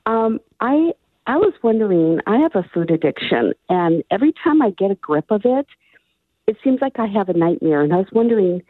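A woman's voice: medium pitch, sing-song, a little fast, no room sound. A woman calling in to a radio show, asking her question hesitantly and searching for words. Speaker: caller. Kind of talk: phone-in question. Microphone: telephone. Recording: tinny phone line.

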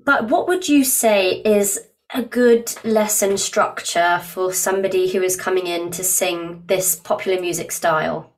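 Woman podcast host, mid pitch, asks calm careful questions. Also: unhurried. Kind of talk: podcast interview.

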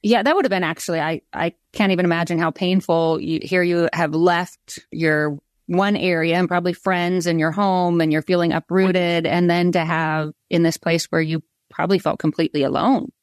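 A woman's voice: lowish voice, fairly even intonation, normal speed, no room sound, clean studio sound. A woman co-hosting a talk show, asking sympathetic follow-up questions. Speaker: co-host.

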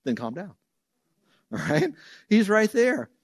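A man preaching a sermon as a pastor, telling stories with lively acted-out voices. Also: high-pitched, slow pace, creaky, breathy edge, no room sound. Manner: animated storytelling, acts out voices loudly.

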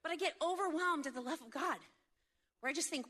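A woman giving a humorous sermon, animated and jokey, telling stories with quick asides and keeps asking the audience for agreement. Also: sits high. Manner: seeks agreement with frequent rhetorical questions. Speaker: speaker at a faith event.

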